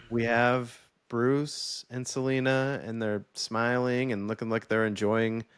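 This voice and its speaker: A man co-hosting a podcast in casual chat, telling stories with lively quoted voices and frequent laughs. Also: mid-range voice, slow pace, smooth, no room sound. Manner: animated storytelling with quoted voices, laughs often. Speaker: podcast co-host.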